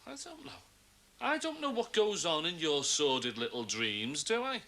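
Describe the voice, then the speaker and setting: A cocky chancer. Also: male voice, on the high side, very animated, moderate pace, pushed and bright, full character voice. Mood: mocking. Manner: cocky, wisecracking, drops to menacing hisses. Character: cocky chancer man selling stolen goods. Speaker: wheeler-dealer mate. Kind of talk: TV soap acting. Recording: faint hiss on a TV soundtrack.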